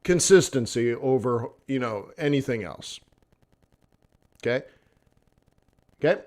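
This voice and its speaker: A man's voice: medium pitch, expressive, takes it slowly, a little mellow. A man hosting a live forex trading stream, talking casually, laughing often between loose, rambling thoughts. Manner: chatty, laughs often, fillers and restarts.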